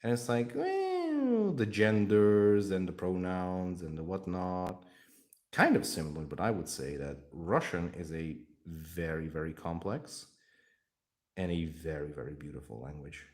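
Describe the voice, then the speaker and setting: A man's voice: low-pitched, measured pace, darkish tone. A young man chatting casually on a live stream while painting miniatures, rambling, jokey and swearing freely.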